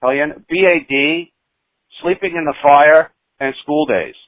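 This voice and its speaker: A man's voice: fairly high pitch, unhurried, dry recording. A man in his sixties, a musician being interviewed, telling long rambling stories with many restarts. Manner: rambling anecdotes with frequent restarts and acted quotes. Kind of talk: casual storytelling. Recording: tinny phone-like audio, dry.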